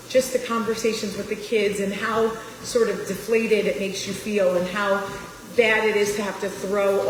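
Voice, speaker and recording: This vlogger, a New Jersey woman in her forties, tells her viewers a personal story casually, in an emphatic, confiding way. Her voice is mid-range, the recording carries a little hiss or hum, and the room echoes with long reverb.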